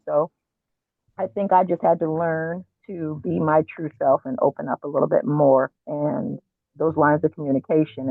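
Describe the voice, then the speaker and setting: Woman with a gravelly voice on a tinny phone line. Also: deep voice, dry recording. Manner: earnest, reflective, quotes herself with animated asides. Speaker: guest. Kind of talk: candid conversational storytelling.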